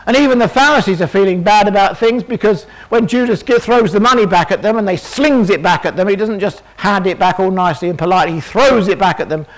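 High-voiced preacher retelling a story. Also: male voice, fast talker, few pauses, low-quality recording. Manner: dramatic storytelling, many rhetorical questions. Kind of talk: sermon.

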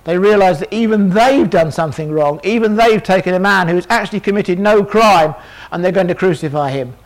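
A male preacher with a notably high voice retells a story dramatically. He keeps turning to the listeners with rhetorical questions. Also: a little fast, rough recording. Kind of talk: sermon.

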